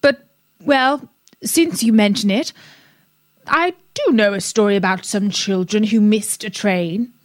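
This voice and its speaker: A woman's voice: medium pitch, a little slow, natural voice. A woman voicing a huffy, indignant male frog prince in a storybook reading. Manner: indignant, then sheepish.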